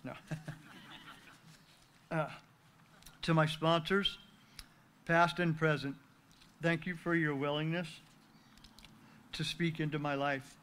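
A man's voice: fairly high pitch, flat delivery, slow pace, long pauses, fairly bright tone, slight background noise. A man reading his prepared recovery testimony aloud, earnest and heartfelt, thanking those who helped him. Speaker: speaker sharing recovery testimony.

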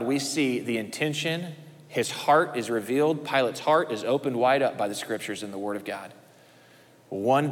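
A male pastor preaching a sermon, swinging his emphasis up and dropping low at the ends of phrases. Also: a bit bright, long reverb tail.

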